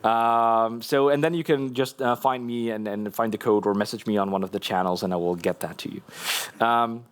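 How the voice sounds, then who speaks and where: A man speaks at mid pitch during a live conference tech talk, in a casual, chatty way. He talks on a stage mic and keeps tossing in fillers and restarting his sentences. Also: fairly even intonation, normal speed, clean tone. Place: conference hall.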